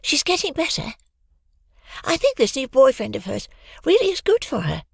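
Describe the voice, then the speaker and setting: Narrator doing a young girl, high and bouncy, curious, slightly gravelly, children's audiobook. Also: big pitch swings, normal speed, no echo, studio quality, full character voice. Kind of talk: audiobook character voice.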